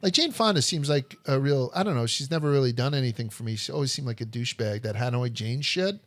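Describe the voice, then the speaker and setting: A man's voice: mid-range voice, quick pace, no room sound. A man hosting a history podcast, telling stories in a blunt, profane, joking way. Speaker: podcast host. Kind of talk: casual history chat.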